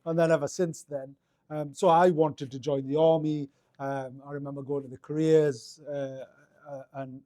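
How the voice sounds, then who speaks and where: Geordie man, soft dark voice. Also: medium pitch, steady tone, normal speed, no echo. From Northeast England. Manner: rambling, many restarts and fillers. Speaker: guest. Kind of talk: casual interview storytelling.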